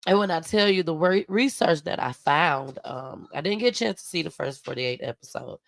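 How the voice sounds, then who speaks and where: A woman with a low, gravelly voice talks straight to her livestream viewers. She sounds emotional and close to tears, warm in her words, and keeps calling them y'all and baby. The sound is dry and close. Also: lively intonation, normal speed, no echo. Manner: tearful, heartfelt, addresses viewers as y'all and baby. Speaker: livestream host.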